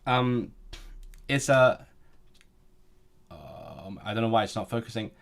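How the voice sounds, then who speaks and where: A man's voice: fairly low pitch, lively intonation, takes it slowly, gravelly. A young man hosting a casual live stream, talking at a desk mic with many fillers and restarts. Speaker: language streamer.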